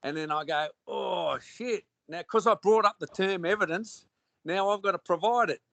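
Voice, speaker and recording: An Australian man with a fairly high voice, talking in a loose, rambling way full of restarts, blunt slang and swearing. He sounds close to the mic in a dry space with no room echo. It is casual conversation. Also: brisk, bright, forceful tone.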